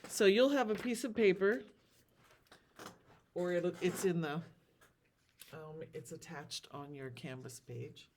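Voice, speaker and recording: A woman teacher giving a recorded lesson, sounding out words slowly and carefully. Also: lowish voice, a little mellow, a little hiss or hum. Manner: slow, drawn-out word sounding.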